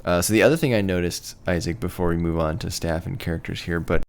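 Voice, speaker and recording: A man's voice: low voice, fairly even intonation, fast talker, clean tone. A man co-hosting a casual podcast, chatting with some hesitation and self-conscious about pronouncing names. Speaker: podcast co-host.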